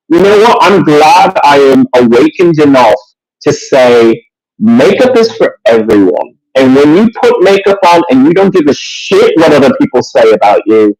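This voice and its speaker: A man's voice: fairly high pitch, darkish tone, poor audio. A man hosting a livestream in casual chat, flamboyant and emphatic as he cheers on his guest. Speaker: livestream host.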